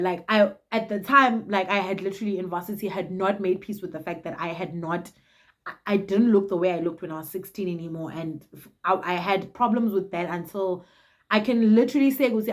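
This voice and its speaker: A South African woman in her twenties, telling a casual storytime in an animated, dramatic and cheeky way. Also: lowish voice. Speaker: vlogger.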